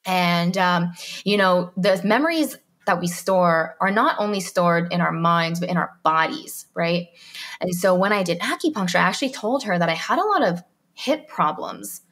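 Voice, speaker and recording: A woman speaking as a podcast guest. Her voice sits a little low. She talks in a chatty, storytelling way, full of "um" and "like," and acts out what people said. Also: animated, normal speed, a bit bright. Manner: chatty storytelling, reenacts dialogue, frequent "um" and "like". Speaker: guest, mindset coach. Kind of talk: podcast interview.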